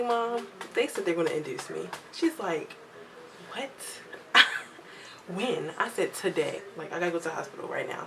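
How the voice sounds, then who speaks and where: A woman's voice: lowish voice, gravelly, very noisy. Chatty young woman telling a story. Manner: chatty, animated quoting of others, laughs often. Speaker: vlogger. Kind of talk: casual storytime.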